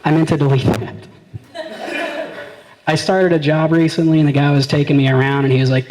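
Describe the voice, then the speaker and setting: Guy doing stand-up at a small venue, kinda high voice, chatty storytelling. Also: level tone, a little fast, long pauses, darkish tone, rough recording. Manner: conversational storytelling with quoted exchanges. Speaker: stand-up comedian. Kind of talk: stand-up comedy set.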